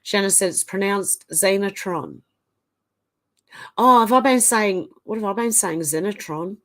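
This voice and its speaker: A woman's voice: mid-range voice, moderate pace. Australian woman reading live chat aloud. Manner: reads viewer comments aloud and reacts, chatty with fillers. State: getting over the flu, coughing. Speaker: live stream host.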